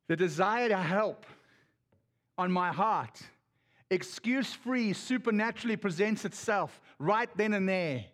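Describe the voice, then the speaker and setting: A middle-aged South African pastor preaching a sermon with fast, impassioned delivery and quick asides to the congregation. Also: male voice, high-pitched, a bit bright.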